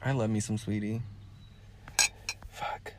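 A man's voice: lowish voice, steady tone, takes it slowly, noisy background. A man hosting a podcast, talking frankly in a casual, rambling way with lots of swearing. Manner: frank and heavily profane; rambling with many fillers. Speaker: podcast host.

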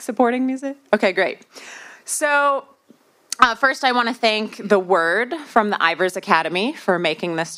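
A woman's voice: medium pitch, fairly bright tone. A woman with a Midwestern American accent hosting a live podcast, chatting to the audience with lots of fillers. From United States. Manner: chatty, asks the crowd questions, many fillers. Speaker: podcast host.

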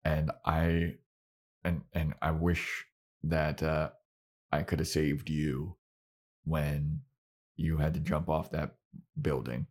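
A man's voice: mid-range voice, sing-song, fairly quick, voice pushed up. A man on a podcast voicing a sarcastic male vampire, swaggering and swearing, while retelling a scene. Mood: mock-sincere. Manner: swaggering, casual swearing, mock-apologetic. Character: sarcastic male vampire, brash then brooding.

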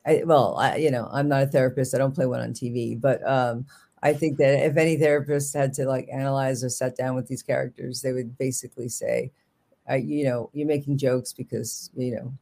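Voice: medium pitch, steady tone, normal speed, vocal fry, mellow. An author from New York talking casually in an interview, rambling, restarting sentences often and joking along the way. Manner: rambling, self-interrupting, jokey. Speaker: author guest.

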